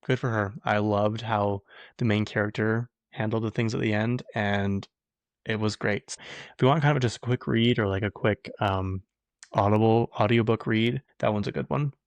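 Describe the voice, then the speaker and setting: A man with a somewhat low voice chats through a solo podcast in a loose, gossipy way. He laughs easily and often trails off mid-thought. The sound is dry and close, with no room echo. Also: fairly even intonation, normal speed. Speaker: podcast host. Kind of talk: casual solo podcast chat.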